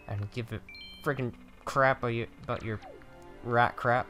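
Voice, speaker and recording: Over background music, a let's play gamer talks at a medium pitch and normal speed, pausing often. His commentary is casual and chatty, full of self-mocking jokes and mild cursing at the enemies he faces.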